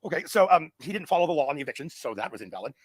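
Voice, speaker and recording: A man's voice: fairly high pitch, very animated, racing, no room sound. A middle-aged man telling a long story in a casual, rambling way, with restarts and laughs at his own tale. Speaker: guest.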